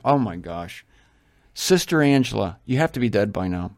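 A man's voice: medium pitch, expressive, normal speed, darkish tone, dry recording, clean studio sound. An older man from Ohio reads scripture aloud and breaks off into enthusiastic, rambling commentary and stories. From Ohio, USA. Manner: enthusiastic, storytelling, exclaims often. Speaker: Bible reader and commentator. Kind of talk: scripture reading with digressive commentary.

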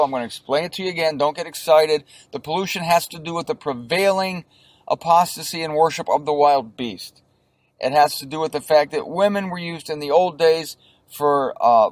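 A man's voice: fairly high pitch, no room sound. Man teaching scripture from his car. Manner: joking, conversational asides. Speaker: Bible teacher. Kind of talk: casual Bible commentary.

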